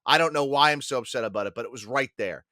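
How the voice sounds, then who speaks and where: A man's voice: medium pitch, quick pace, bright, forceful tone, no room sound, studio quality. A man co-hosting a movie news podcast, chatting casually and bluntly, swearing freely when annoyed. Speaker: podcast co-host. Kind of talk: casual chat.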